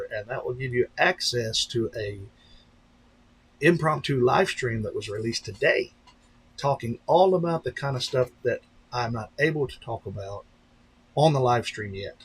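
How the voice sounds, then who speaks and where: A man hosting a casual live stream, rambling along with many fillers and restarts and slipping into lively voices when he retells a story. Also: mid-range voice, moderate pace, husky, poor audio. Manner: breaks into animated voices when retelling stories. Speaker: channel host on a live stream.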